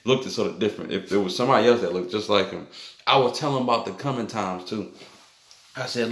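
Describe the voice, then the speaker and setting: A man's voice: on the low side, fairly quick. A man recounting a vivid dream in a rambling, repetitive way, full of loose fillers. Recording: echoey room.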